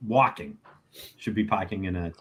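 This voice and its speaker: A man's voice: sits low, moderate pace, husky. A man hosting a casual podcast, joking and laughing a lot as he asks his co-host questions. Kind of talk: casual chat.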